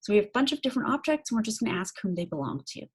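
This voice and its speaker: A woman lecturing on German grammar, saying German example phrases slowly and then giving them in English, with frequent ums. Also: medium pitch, sing-song, breathy edge. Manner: slow, deliberate explanations with frequent fillers. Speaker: German language instructor.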